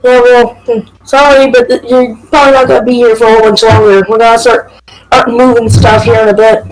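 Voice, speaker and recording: A woman playing a choose-your-path story game, answering quickly and reacting to the events. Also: on the high side, flat delivery, poor audio. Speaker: player. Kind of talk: casual role-play.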